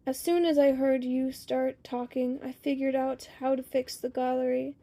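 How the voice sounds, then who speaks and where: A woman voicing a gentle mother who speaks softly and tenderly to her daughter, in a storybook reading. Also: high-pitched, flat delivery, moderate pace, creaky. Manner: soft, hushed, tender. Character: tearful, gentle mother painting a wall.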